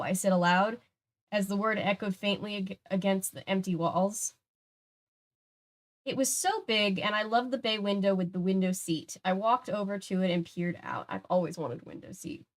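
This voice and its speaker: A woman reading a children's spooky book aloud at a middle pitch. She breaks in now and then with casual, chatty asides. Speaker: book reader.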